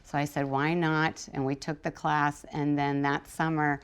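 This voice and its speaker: A middle-aged woman, a podcast guest, telling personal stories in a lively way and acting out the voices of others. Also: deep voice, unhurried, clear, resonant tone. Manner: lively, animated when quoting others. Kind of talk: storytelling in a podcast interview.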